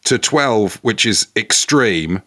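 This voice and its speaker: A man co-hosting a comedic podcast, telling a story with playful teasing. His voice sits low but moves around a lot in pitch. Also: animated, slow, a bit bright. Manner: playful, teasing, reading out facts. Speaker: podcast co-host.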